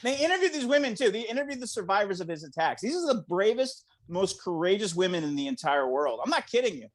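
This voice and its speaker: A man's voice: high-pitched, quick pace. A man performing a stand-up comedy set over a video call, acting out the voices of other people. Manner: animated, acts out voices of others.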